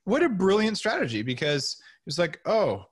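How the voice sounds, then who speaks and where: Animated storytelling man, dry close sound. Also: sits high, moderate pace, slightly rough, no echo. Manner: lively, acts out quoted voices. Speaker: podcast guest.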